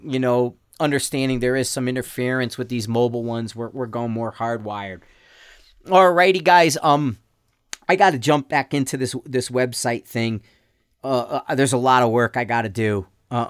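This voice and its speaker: A man's voice: mid-range voice, fairly bright tone, smooth, dry recording, clean studio sound. Rambling, stammering male podcast host. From Denver area, USA. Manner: rambling, stammering restarts, jokey. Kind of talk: casual solo podcast chat. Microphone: podcast mic.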